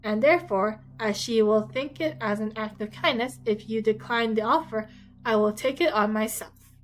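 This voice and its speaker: A woman voicing a dry, teasing older gentleman, speaking in a wry, unhurried way. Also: a little high, close to an everyday voice, rough recording.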